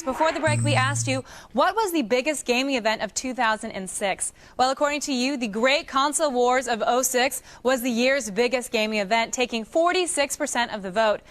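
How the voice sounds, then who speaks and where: High-voiced teasing female TV host. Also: fairly bright tone. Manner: teasing, laughing. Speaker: TV show co-host. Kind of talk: live TV banter. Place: TV studio.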